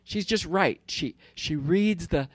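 Chatty pastor with a dry close sound. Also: male voice, a little high, takes it slowly, dry recording. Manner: rambling and warm-humored, with many restarts and laughs. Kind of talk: casual talk from the pulpit.

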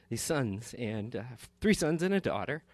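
Chatty pastor with a dry close sound. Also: male voice, mid-range voice, no echo. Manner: rambling and warm-humored, with many restarts and laughs. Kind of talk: casual talk from the pulpit.

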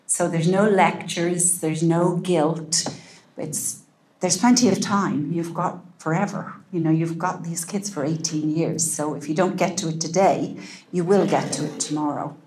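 A woman giving a calm, gentle talk to parents, often dropping to a soft hush. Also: lowish voice, moderate pace. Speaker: parenting speaker. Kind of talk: talk to an audience.

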